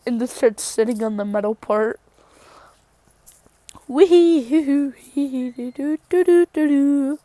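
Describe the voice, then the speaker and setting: A woman's voice: on the high side, flat delivery, fairly quick, hardly any pauses, mellow. A woman casually retelling a fan story in a rambling way, often correcting herself.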